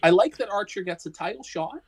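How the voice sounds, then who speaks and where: A woman's voice: medium pitch, lively intonation, brisk, husky, poor audio. A woman co-hosting a casual wrestling discussion stream, ranting with heavy swearing and exasperation. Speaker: podcast co-host.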